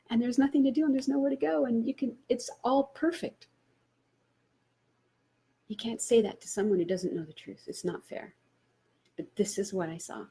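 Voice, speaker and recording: A woman's voice: on the high side, moderate pace, gravelly, pauses often, mellow, husky. A woman, a spiritual teacher, telling a personal story and laughing often as she retells it.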